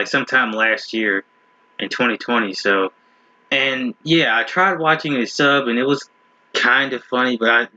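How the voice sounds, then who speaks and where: A man's voice: medium pitch, bright, forceful tone, dry recording. A man hosting a casual reaction video, rambling and restarting his sentences as he talks, in a slightly muffled home recording. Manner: rambling, restarts often, laughs at clips. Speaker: video host.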